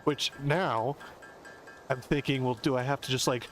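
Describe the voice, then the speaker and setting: Casual American male streamer, mid-range voice, thinks aloud in long tangents over quiet background music. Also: mid-range voice, steady tone, normal speed. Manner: musing, talkative, explanatory. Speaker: game streamer. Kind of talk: casual rambling commentary.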